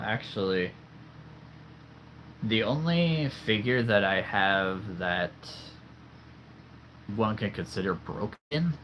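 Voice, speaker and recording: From a room at home lined with toy figures, a streamer in his thirties casually shows off his figure collection, rambling and often chuckling at himself. His pitch is fairly low and his tone fairly bright, with slight background noise.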